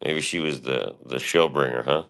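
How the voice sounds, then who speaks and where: A man's voice: very deep voice, moderate pace, gravelly, a bit bright. A man streaming live, rambling casually and profanely about his past and his show, often quoting himself.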